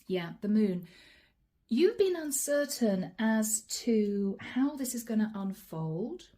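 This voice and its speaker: A woman with a medium-pitched voice speaks slowly while giving a channeled tarot reading. Chatty and animated, she addresses the listener directly by star sign and drops to a soft whisper as she names each card.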